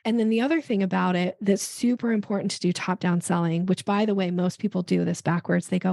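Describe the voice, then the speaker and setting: Female podcast guest, gravelly texture, lively and chatty, plays out quick dialogue bits. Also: lowish voice, no echo, clean studio sound. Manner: animated, acts out dialogue in quick voices. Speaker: podcast guest, sales expert. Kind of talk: conversational interview.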